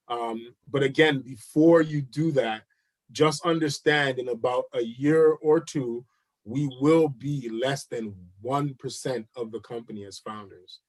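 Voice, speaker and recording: Brief: man, enthusiastic guest pitching hard, repeats himself for emphasis. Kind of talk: live chat interview.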